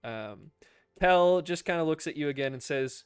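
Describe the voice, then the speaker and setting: A man's voice: on the high side, animated, normal speed, few pauses, smooth, no room sound, faint music behind. A man narrating a tabletop game as game master, casual and laughing, with lots of fillers.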